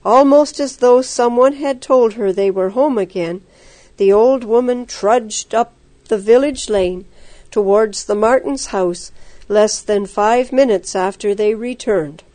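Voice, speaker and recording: A woman's voice: on the high side, a little slow, warm tone, dry recording. Woman narrating a storybook, dry sound.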